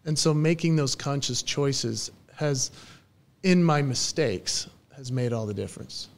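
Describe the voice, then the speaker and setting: A man in his forties, a stage entertainer and guest on a podcast interview, telling lively stories and acting out the voices he quotes. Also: mid-range voice, a little slow, gravelly. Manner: lively storyteller who acts out quoted voices.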